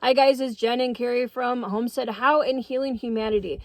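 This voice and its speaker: A woman's voice: a little high, fairly even intonation, fairly quick. A middle-aged woman co-hosting a casual vlog outdoors on a homestead, talking in an earnest, emotional and emphatic way. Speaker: co-host.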